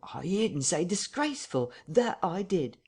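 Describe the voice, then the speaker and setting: A stolid country innkeeper, as a male reader puts him on, blunt and slow with broad rustic speech. The timbre is altered away from the reader's usual sound, an audiobook character voice. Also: sits high, sing-song, a little mellow, breathy edge, voice pushed up, full character voice.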